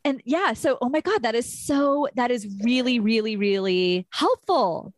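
A woman hosting a podcast talks in a candid, conversational way, open about her feelings and quick to swear. Her voice sits a little high. The sound is close and dry, with no room around it. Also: lively intonation, no echo. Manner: frank and emotional, swears freely. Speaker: podcast host.

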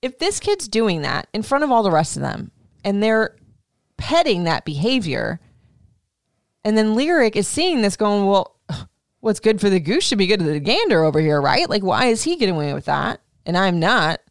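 A middle-aged woman hosting a casual chat, telling a story with swearing and lively acted-out quotes. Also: mid-range voice, moderate pace, no room sound, studio quality. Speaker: podcast host.

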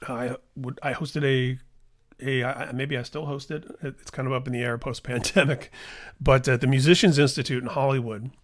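A man's voice: medium pitch, steady tone, moderate pace. A middle-aged man hosting a podcast, telling a story in a casual, enthusiastic way with restarts and laughter. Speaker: podcast host.

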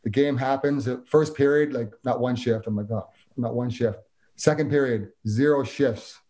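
A man from Canada tells an old hockey story in casual chat, his voice at an everyday middle pitch. He acts out the lines of the people in the story as he goes. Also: normal speed. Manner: animated storyteller, acts out quotes. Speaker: guest, former hockey player.

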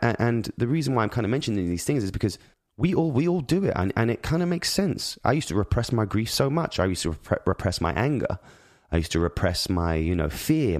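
A man's voice: on the low side, no room sound, studio quality. A father speaking in an earnest, reflective monologue on parenting, rambling with many restarts and repeated words.

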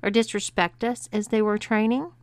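A woman's voice: medium pitch, fairly even intonation, normal speed, no echo, close to an everyday voice. Woman voicing a mocking domineering wife. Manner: mocking, ordering.

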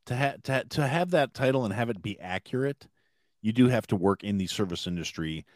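A man co-hosting a podcast in casual chat, speaking haltingly with many restarts and a dry manner. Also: fairly low pitch, lively intonation, darkish tone, no room sound. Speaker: podcast co-host.

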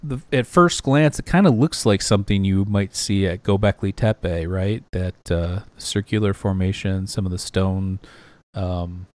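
A man co-hosting a podcast, talking through slides in a loose, rambling way with lots of fillers and pauses. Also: sits low, darkish tone. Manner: rambling, hesitant, many fillers. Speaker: podcast co-host. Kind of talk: casual podcast discussion.

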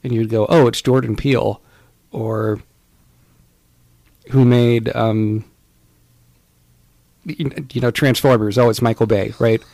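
A man's voice: medium pitch, level tone, slow, long pauses, a little mellow, dry recording. A man co-hosting a casual podcast chat about retro video games, rambling along with lots of fillers and restarts. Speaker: podcast co-host.

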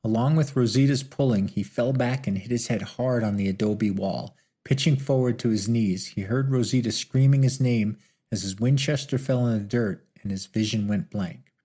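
A man giving steady audiobook narration of a Western novel. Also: medium pitch, moderate pace, husky. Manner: steady, storytelling.

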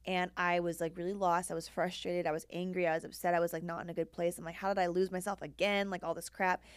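A woman's voice: fairly low pitch, flat delivery, quick pace, clear, resonant tone, dry recording, studio quality. A woman co-hosting a casual podcast chat. She talks candidly, swears freely and acts out quoted dialogue. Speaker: podcast co-host.

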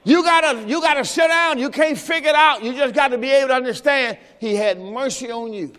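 High, bright preaching man in a hall. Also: fairly quick. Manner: preaching with call-and-response urging, rising to shouts. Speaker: pastor. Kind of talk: sermon. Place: church sanctuary. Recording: hall reverb in a church.

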